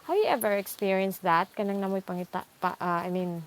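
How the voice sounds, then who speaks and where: A woman's voice: medium pitch, fast. A young woman teacher with a Cebuano accent, giving a casual lecture in a chatty way, with teasing asides as she switches between languages.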